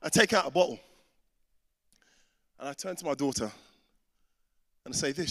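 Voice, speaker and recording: A man's voice: medium pitch, lively intonation, fairly quick, pauses often. A man in his thirties preaching a sermon, telling a personal story and acting out the voices in it. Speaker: pastor. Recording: reverberant hall.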